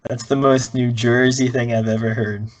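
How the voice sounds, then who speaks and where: A man's voice: medium pitch, little pitch movement, normal speed. A young man from Texas, co-hosting a casual podcast chat with wry, joking asides. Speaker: podcast co-host.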